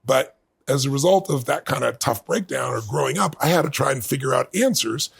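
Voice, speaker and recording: A middle-aged man being interviewed, telling a personal story in earnest and building to bursts of excitement. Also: medium pitch, fairly quick. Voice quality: gravelly, husky. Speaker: guest.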